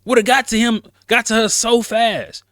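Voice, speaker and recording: A man's voice: very high-pitched, measured pace, fairly bright tone, dry recording, clean studio sound. A man hosting a casual commentary show, talking bluntly and emphatically in slang, often repeating words as he rants. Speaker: commentary host.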